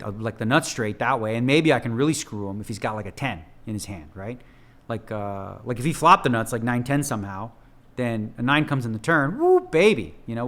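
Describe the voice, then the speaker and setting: Talking through a hand he played, this poker pro keeps things loose, jokey and slangy. His voice is medium in pitch with a slightly bright edge.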